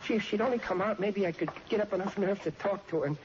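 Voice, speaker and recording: This man talks fast in a high-pitched, natural voice, playing a bashful, lovestruck teenage boy who is shy, clumsy, and stammers awkwardly. The role comes from a 1940s radio sitcom, preserved in a dull, hissy old radio recording.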